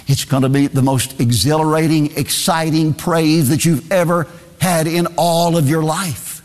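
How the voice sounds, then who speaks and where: A man's voice: a little high, fairly even intonation, measured pace, darkish tone. Man preaching in a reverberant hall. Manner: reads scripture aloud, sometimes in a singsong cadence; repeats phrases for emphasis. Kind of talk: sermon.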